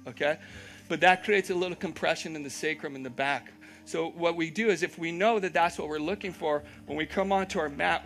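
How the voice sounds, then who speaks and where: A man's voice: on the high side, a bit bright. A man teaching a live yoga class, giving encouraging cues, checking in with "okay?", and making playful asides.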